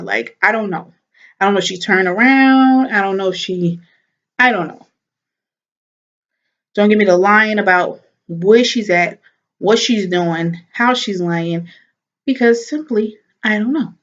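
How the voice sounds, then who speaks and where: A woman chatting casually to camera as a vlogger, animated and laughing as she talks. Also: mid-range voice, unhurried, pauses often, dull audio.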